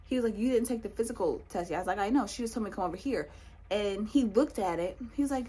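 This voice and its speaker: A woman's voice: mid-range voice, quick pace, breathy edge. A young woman telling a personal story in a vlog, acting out the voices of the people in it. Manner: animated, acts out other people's lines. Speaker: vlogger.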